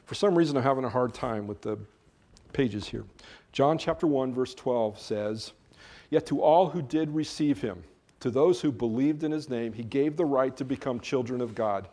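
A man's voice: medium pitch, normal speed, warm tone. A man, a pastor, preaching a sermon in a conversational way, with joking asides between earnest points.

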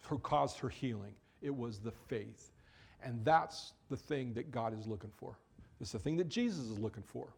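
A man's voice: mid-range voice, a little mellow. A man preaching a sermon in church, talking to the congregation in a conversational way and briefly acting out quoted figures. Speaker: pastor.

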